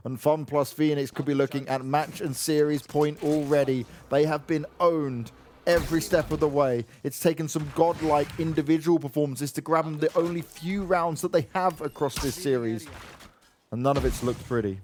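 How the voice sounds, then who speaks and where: A man casting a live esports match with fast, punchy play-by-play and teasing banter, on a headset mic. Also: on the high side, a little mellow, a little hiss or hum.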